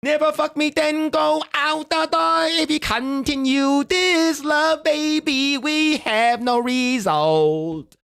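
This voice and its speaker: A high, drawn-out sing-song comic lover, as a man puts on the voice. The words stretch out slowly and the pitch lilts up well above his normal speaking voice. It comes across as broad mock performance, not a real character. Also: creaky, a bit bright, heavily acted.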